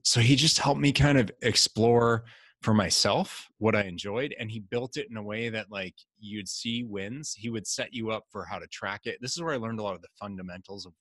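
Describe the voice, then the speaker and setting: This middle-aged man talks in a casual, animated way as an interview guest and acts out the lines of people in his stories. His voice sits on the low side. The sound is dry and close, with little room echo. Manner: animated storyteller acting out quotes.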